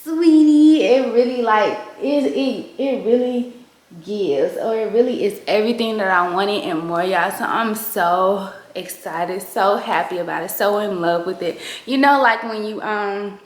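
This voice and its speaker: A young woman talks through a finished home project in a chatty, bubbly way, filling every pause with casual fillers. Her voice sits at a middling pitch. It rings a little off the walls of the room. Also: echoey room. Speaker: home decor vlogger. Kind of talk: casual chat.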